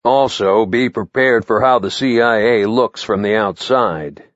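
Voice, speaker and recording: A blunt, gruff spymaster snaps out curt orders and warnings, as a man reading a memoir puts him on. The voice sits low and he speaks in short, barked bursts. The recording is dry and a little dull. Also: measured pace, no echo, close to an everyday voice. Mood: brusque. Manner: barking, curt advice. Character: blunt, gruff male spy-chief mentor.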